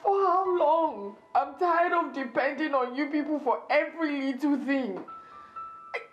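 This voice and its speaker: An actress with a Nigerian accent playing an ill, bedridden wife who pleads weakly and wearily. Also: female voice, high-pitched, measured pace, reverberant, lo-fi sound, soft background music. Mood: despairing. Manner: weak, pleading, weary. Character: bedridden wife, weary and despairing. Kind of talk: film drama acting.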